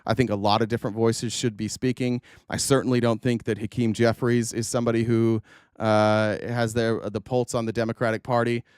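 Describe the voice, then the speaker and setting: Guy ranting about politics on his stream, lots of uhs, swears, smooth voice, dry room. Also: mid-range voice, level tone, brisk, darkish tone, no echo. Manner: rambling, profane, many fillers and restarts. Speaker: political commentary host. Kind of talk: casual political commentary.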